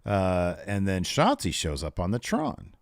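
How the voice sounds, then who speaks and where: A man's voice: sits low, measured pace, no room sound, clean studio sound. A man co-hosting a wrestling podcast, casually recapping matches with plenty of "uh"s and raising his voice to quote wrestlers. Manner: relaxed recapping with filler "uh"s, quotes wrestlers in a raised voice. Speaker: podcast co-host.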